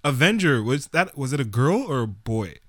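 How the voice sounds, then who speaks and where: Lively bright-voiced man chatting. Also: mid-range voice, normal speed. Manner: animated, laughs a lot, acts out scenes in voices. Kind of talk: casual chat.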